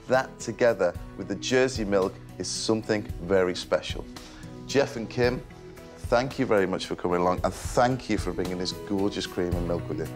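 Chatty man demonstrating a recipe. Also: fairly low pitch. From Merseyside, England. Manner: casual and enthusiastic, praising the food. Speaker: cooking show host. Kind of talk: relaxed cooking demonstration.

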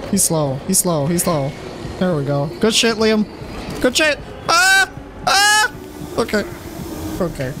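A man yelling and cursing through a co-op horror game, his voice leaping up and down in pitch. He talks in a slow, drawn-out way when he is not shouting. Noisy game sounds run behind him. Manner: loud, excitable, swears a lot, frequent shouts. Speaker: gaming streamer. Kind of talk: casual co-op gaming commentary. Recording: noisy gameplay audio behind.

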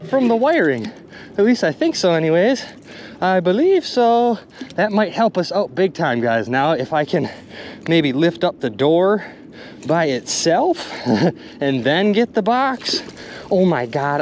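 Excitable man narrating his magnet fishing. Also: high voice, slight background noise. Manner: excitable, exclamatory, addresses viewers directly. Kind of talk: excited on-camera commentary. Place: outdoors by water.

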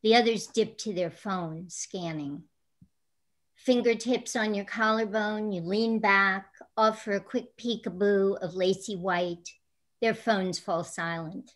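A woman reading her own poem aloud in a measured, deliberate way. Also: medium pitch, steady tone. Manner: slow, measured, deliberate delivery. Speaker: poet. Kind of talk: poetry reading.

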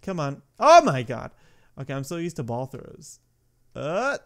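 A young man giving casual, rambling gameplay commentary, excitable and breaking into yelps and shrieks when a level goes wrong. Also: on the high side, unhurried. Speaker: gaming YouTuber.

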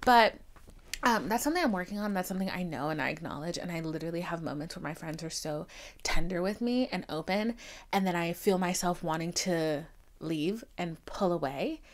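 A woman's voice: lowish voice, brisk. A woman in her twenties hosting a podcast, talking casually and candidly, swearing often and acting out the people she quotes. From Haitian family. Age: 20s. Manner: chatty, profane, animated quoting. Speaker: podcast host. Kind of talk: casual confessional monologue.

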